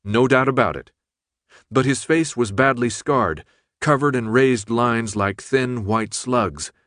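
A man reading a novel aloud as narrator, in a steady, measured manner. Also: medium pitch, no echo, clean studio sound. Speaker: audiobook narrator. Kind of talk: scripted narration.

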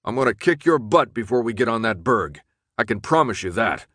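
A hard, impatient middle-aged pilot with a cold, gruff growl, as a man reading an audiobook puts him on. His lines are pushed loud and raised. It is a dry, close recording. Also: mid-range voice, lively intonation, moderate pace, no echo.

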